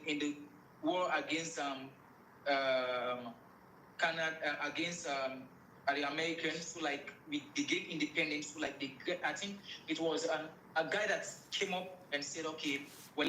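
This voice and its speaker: A man's voice: on the high side, fairly even intonation, moderate pace, pushed and bright, echoey room, slight background noise, rough recording. A man from Sierra Leone with a Sierra Leonean accent, a musician guest in a casual interview, often repeating phrases as he explains.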